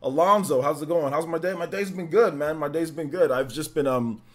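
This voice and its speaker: A man's voice: fairly high pitch, a little fast. Upbeat man hosting a gaming livestream. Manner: upbeat, greets chatters by name one after another; loose and rambling, many fillers. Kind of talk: casual live-stream chat.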